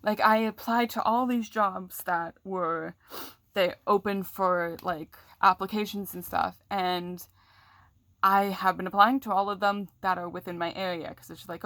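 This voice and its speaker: A woman's voice: mid-range voice, normal speed, a bit bright, no echo, clean studio sound. A young woman venting on camera about a bad day, rambling and frustrated, with coughing fits. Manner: rambling, frustrated, self-deprecating, candid. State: coughing, throat catching. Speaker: vlogger. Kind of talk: casual talk to camera.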